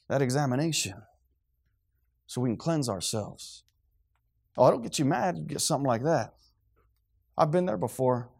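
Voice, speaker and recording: A man preaching a sermon to his congregation, swinging from quiet, low remarks to loud, high outbursts. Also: expressive, moderate pace, gravelly, long pauses, slightly rough. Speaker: pastor.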